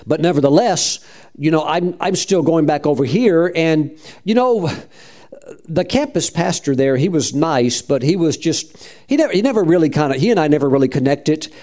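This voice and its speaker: A man's voice: fairly high pitch, animated, moderate pace, dark tone. A man preaching and telling his own story in a rambling, conversational way, with frequent restarts. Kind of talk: testimony sermon.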